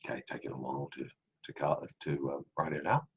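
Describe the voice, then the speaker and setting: Here the same kind of speaker, a middle-aged English-born man with an Australian accent tinged by English, talks fast in a very deep, flat, slightly rough voice with a fairly bright tone. He's an online group host on a casual live stream, wandering through viewer comments with frequent ums. A computer mic makes the recording lo-fi.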